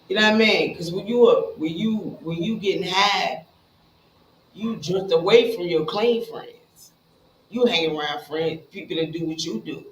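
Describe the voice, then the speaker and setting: A woman telling her own story in a casual, blunt and profane way, talking straight to her listeners and jumping between hushed asides and loud bursts. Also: on the low side, a little hiss or hum. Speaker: speaker sharing a recovery story. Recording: roomy echo with faint ambience.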